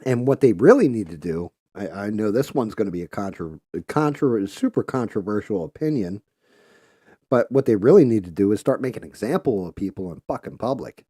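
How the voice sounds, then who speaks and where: A man's voice: on the low side, expressive, a little fast, mellow, slightly rough, dry recording, clean studio sound. Heated, profane man ranting. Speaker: podcast host. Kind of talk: casual podcast rant.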